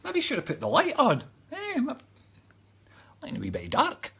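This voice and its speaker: A man's voice: extremely high pitch, huge pitch swings, normal speed, creaky, bright, forceful tone. A Scottish man hosting a casual live stream as a psychic medium, bantering playfully with his viewers and reading out their comments. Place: home room by a Christmas tree. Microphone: webcam close-up.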